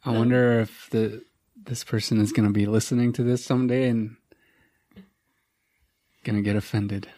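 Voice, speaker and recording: Mellow man musing aloud. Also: lowish voice, flat delivery, normal speed, pauses often, dry recording. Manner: musing, thoughtful opinions. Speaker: group conversation participant. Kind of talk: casual group conversation.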